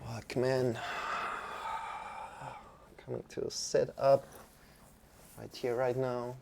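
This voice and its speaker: A man leading a yoga lesson, speaking in a relaxed, friendly way with some fillers as he explains what comes next. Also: medium pitch, slow, creaky, a little hiss or hum. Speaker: yoga teacher. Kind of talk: guided yoga and mantra chanting lesson.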